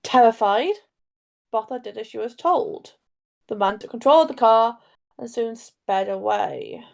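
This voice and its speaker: Rambling on a casual true crime podcast, this young co-host keeps breaking into her own story. Her slightly high voice is animated, unhurried, gravelly, and darkish.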